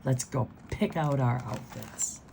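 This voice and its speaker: A woman reading the lines of a fancy, dramatic young girl detective with theatrical, drawn-out exclamations. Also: rumbling low, creaky, a little mellow, slight background noise, full character voice. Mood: playful dramatic.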